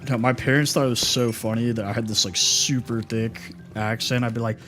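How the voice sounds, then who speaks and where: A man's voice: medium pitch, fairly even intonation, brisk, hardly any pauses, fairly bright tone, faint music behind. A young man from Texas streaming a game, chatting casually and answering his chat, calling people dude and brother. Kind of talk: casual livestream chat while gaming.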